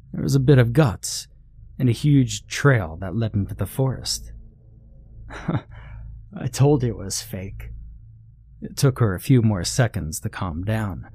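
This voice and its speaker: A man narrating a first-person horror story in a steady, measured storytelling voice. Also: mid-range voice, gravelly, husky.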